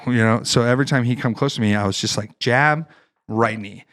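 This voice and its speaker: A man from northern Ohio, a Marine veteran guest on a podcast, telling a wild story in a casual, profane, animated way with laughs. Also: medium pitch, a little fast. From northern Ohio, United States.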